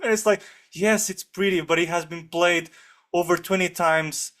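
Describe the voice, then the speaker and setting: Animated, sarcastic man reviewing a film. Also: high-pitched, normal speed. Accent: Portuguese. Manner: animated, sarcastic, acts out lines from scenes. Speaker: film podcast co-host. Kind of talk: casual film review chat.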